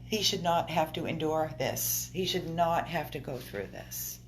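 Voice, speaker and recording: A woman's voice: low-pitched, unhurried, slight background noise. A tearful, upset woman giving an emotional video update to her viewers from an animal hospital exam room, pleading and repeating herself. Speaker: dog rescuer.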